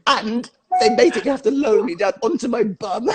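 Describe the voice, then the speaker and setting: A man, a choreographer guest chatting casually and telling a funny story in an animated way, full of fillers. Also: extremely high pitch, brisk, over music, low-quality recording.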